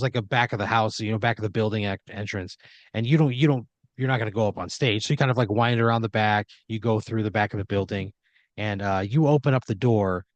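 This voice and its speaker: A man's voice: on the low side, dry recording. A man hosting a comedy podcast, improvising a story in the second person, with lots of fillers, and sometimes dropping into quoted voices. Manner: rambling, many fillers, jumps into quoted voices.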